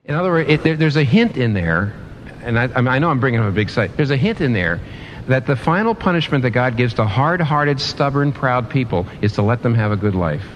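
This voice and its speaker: A man's voice: mid-range voice, lively intonation, a little fast, muffled recording, slight background noise. A man preaching a sermon in an earnest way, often restarting and repeating phrases for emphasis.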